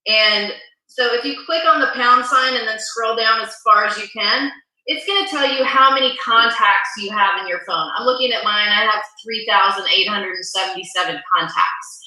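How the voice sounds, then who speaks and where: A woman's voice: on the high side, moderate pace, pushed and bright. A woman speaking as a real estate coach at a live town hall, upbeat and instructive, walking listeners through steps. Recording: very echoey room.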